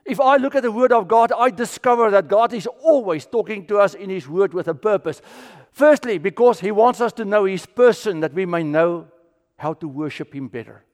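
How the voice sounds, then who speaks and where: A man from South Africa preaching a sermon as pastor, swinging from full voice down to hushed, almost whispered lines. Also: high voice, moderate pace. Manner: dramatic swings from loud to near-whisper. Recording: long hall reverb.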